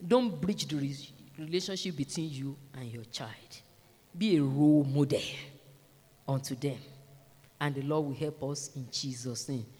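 A woman's voice: low-pitched, normal speed, warm tone, husky. A woman preaching a sermon in a church, urging and repeating her points to the congregation. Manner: emphatic, repeats exhortations, addresses the congregation directly. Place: large church. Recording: long church reverb.

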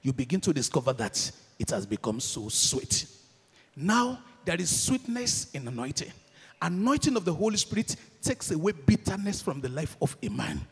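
Nigerian male preacher, slightly high and husky, impassioned sermon delivery, long hall reverb. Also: sing-song, normal speed. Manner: impassioned, swings from shouted declarations to hushed storytelling. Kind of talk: sermon with storytelling.

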